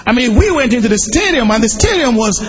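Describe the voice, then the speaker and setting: A man, a pastor telling a lively personal story during a sermon and shouting at its most excited points. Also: very high voice, fast, breathy edge, lo-fi sound. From Jamaica. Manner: animated storytelling, bursts into shouting when excited.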